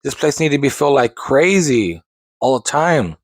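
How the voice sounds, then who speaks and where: A man's voice: mid-range voice, very animated, moderate pace, no echo. A man in his forties telling a long personal story as a podcast host, rambling with restarts and side digressions. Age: 40s. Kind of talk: casual storytelling monologue.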